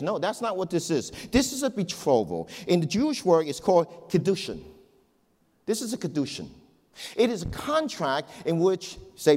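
A middle-aged male pastor telling a joke and preaching in a church, as an animated storyteller who repeats words. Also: fairly high pitch. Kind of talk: sermon with a joke. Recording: long church hall reverb.

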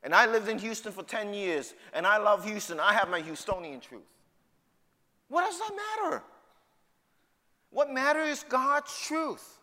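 A man's voice: high-pitched, animated, moderate pace, hardly any pauses, sharp tone. A middle-aged man with a New York City accent preaching a sermon, emphatic and full of rhetorical questions. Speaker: pastor. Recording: long hall reverb.

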